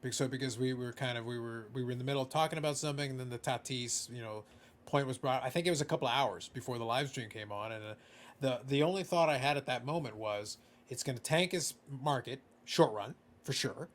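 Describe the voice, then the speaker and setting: A male podcast host chatting casually, animated and playful, often repeating words as he starts a thought. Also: medium pitch, fast talker. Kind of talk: casual conversation.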